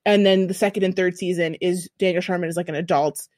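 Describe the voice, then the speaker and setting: A woman's voice: on the low side, fairly even intonation, fast, darkish tone, no room sound, studio quality. A woman co-hosting a podcast, telling a long story in casual chat with big swings in her voice and some swearing. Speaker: podcast co-host.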